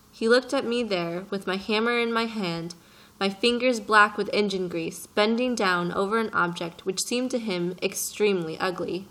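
A woman narrating a chapter of a story aloud, in a measured, gentle manner. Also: medium pitch, rough recording. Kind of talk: audiobook narration.

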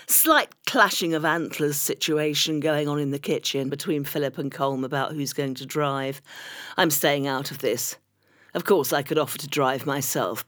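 A woman delivering a dry, wry scripted comic monologue. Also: sits low.

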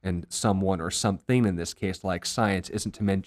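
Brief: male pastor-host, low voice, earnest explainer, dry close mic. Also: moderate pace, darkish tone, no echo. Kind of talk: faith discussion podcast.

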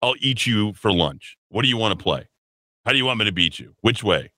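Sarcastic male talk host, lively and bright. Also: on the low side, fairly quick, no echo. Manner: sarcastic, puts on a snooty voice to mock the writer; stumbling asides and restarts, laughs at his own jokes. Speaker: radio talk show host. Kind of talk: mocking commentary, reading aloud from an article.

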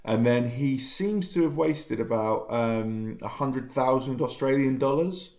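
A man's voice: medium pitch, a little slow, darkish tone, highs cut off. A man co-hosting a casual podcast over a video call, hesitant with frequent ums and laughing at his own stories. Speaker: podcast co-host.

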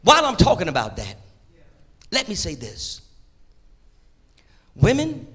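A man's voice: high voice, huge pitch swings, unhurried, fairly bright tone, husky. A middle-aged man preaching a sermon in an emphatic, folksy way, repeating his key phrases.

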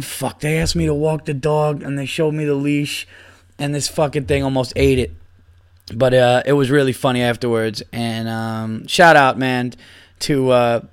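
A man's voice: a little high, clean tone, no room sound, studio quality. A man hosting a podcast, telling a rambling story in casual chat, swearing a lot and laughing as he goes. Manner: profane, rambling, laughs through stories. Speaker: podcast host.

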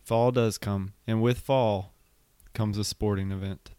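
Young male podcast host, low smooth voice, playful and teasing, dry close sound. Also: fairly even intonation, warm tone, dry recording. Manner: playful, teasing, quick to laugh. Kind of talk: casual chat.

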